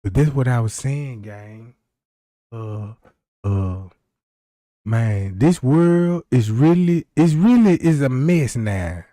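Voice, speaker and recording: A man's voice: mid-range voice, lively intonation, slow, mellow, dry recording, studio quality. A man hosting a livestream, telling loose, profane, rambling stories and often checking in with his listeners. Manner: loose, profane, rambling, keeps asking "you know what I'm talking about". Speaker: livestream host. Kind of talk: rambling comedic storytelling on a livestream.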